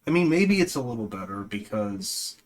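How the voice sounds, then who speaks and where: A man's voice: fairly low pitch, very animated, moderate pace. A man reviewing a movie in a casual, rambling way, with lots of fillers and a dismissive tone.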